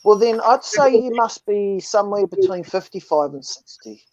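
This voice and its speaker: A man's voice: high voice, lively intonation, normal speed, darkish tone, no echo, lo-fi sound. Rambling man in his forties on a phone. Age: 40s. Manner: chatty, rambling, hesitant. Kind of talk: casual chat.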